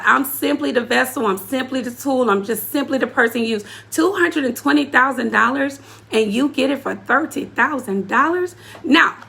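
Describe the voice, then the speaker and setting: Emphatic woman preacher with gravelly edge. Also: high voice, expressive, normal speed, bright, forceful tone. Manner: emphatic, repeats phrases for weight; preacherly, speaks directly to the audience. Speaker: apostle and community leader. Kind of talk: emotional personal testimony to live viewers.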